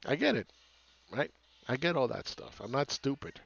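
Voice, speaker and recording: A man's voice: medium pitch, big pitch swings, normal speed, gravelly, fairly bright tone, slightly rough, dry recording, dull audio. A man ranting as a market commentator, sarcastic and profane, who often repeats words and restarts his phrases.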